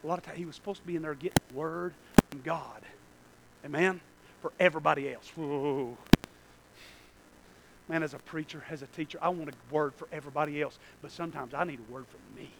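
A man preaching a sermon to a church congregation, swinging from low asides to shouted, drawn-out peaks. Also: gravelly, background noise.

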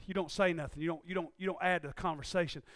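A man preaching a sermon in a folksy way, dropping to quiet asides and rising to shouted, impassioned peaks. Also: fairly even intonation, rapid-fire, no echo, clean studio sound. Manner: swings from low conversational asides to shouted, impassioned climaxes; folksy, uses ain't and y'all.

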